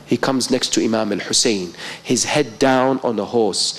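A man's voice: mid-range voice, normal speed, hardly any pauses. A male preacher giving a sermon, telling a story with impassioned, rising emphasis. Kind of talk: mourning-night sermon.

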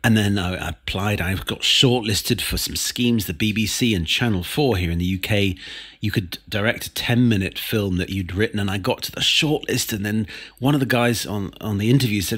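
A man's voice: fairly low pitch, moderate pace, fairly bright tone, husky. A middle-aged man who grew up partly in France, chatting as a podcast guest and telling anecdotes in a self-deprecating way. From England, early childhood in France. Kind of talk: casual conversation, storytelling. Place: comedy club.

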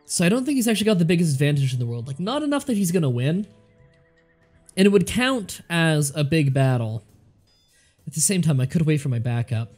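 Let's-play host, young man, sick and sore-throated, relaxed self-mocking delivery over faint music. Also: on the high side, a little fast. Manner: casual, self-mocking, thinking aloud. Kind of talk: gameplay commentary.

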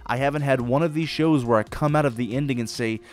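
Profane, excitable man reviewing a show. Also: mid-range voice, fast talker, faint music behind. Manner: blunt, profane, excitable, acts out quoted lines. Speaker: podcast host reviewing shows. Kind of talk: casual solo review monologue.

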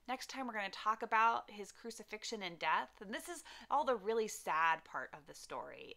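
Bright young woman telling kids a story. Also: a little high. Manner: animated, acts out the characters. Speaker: children's church teacher.

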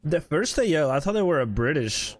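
A man's voice: a little high, very animated, brisk. A man casually commenting on a game match for a stream, chatty and joking with viewers. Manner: chatty, greets viewers, jokey.

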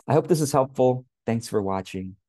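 Mellow-voiced man coaching to camera. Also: mid-range voice, moderate pace, no room sound, studio quality. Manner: relaxed, rambling, repeats words. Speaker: business coach. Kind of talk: casual talk to camera.

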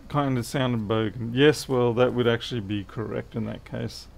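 A man's voice: medium pitch, steady tone, moderate pace, creaky, slight background noise. A middle-aged man, chatting casually and thinking aloud while he works through a repair on a livestream. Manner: rambling, thinks aloud, answers chat.

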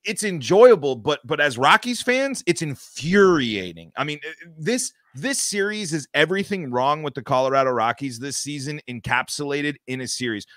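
A man's voice: a little high, expressive, moderate pace, hardly any pauses, fairly bright tone, no echo, clean studio sound. Frustrated man ranting on a sports podcast. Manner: frustrated, emphatic ranting with repeated restarts. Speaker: podcast host.

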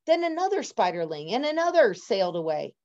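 A woman teacher reading a picture book aloud to her students, expressive and adding chatty asides to the class. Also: medium pitch, brisk. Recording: dull lo-fi recording.

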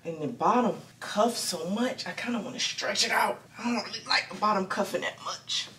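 A young woman chats on a home vlog, candid and rambling, leaning heavily on "y'all" and "like." Her medium-pitched voice has a sharp tone and moves at a moderate pace, with a little hiss or hum and an echoey indoor sound.

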